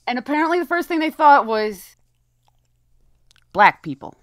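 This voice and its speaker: A woman's voice: sits high, expressive, moderate pace, fairly bright tone, no room sound. A woman co-hosting a casual live stream, blunt, mocking and swearing freely. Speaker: podcast co-host.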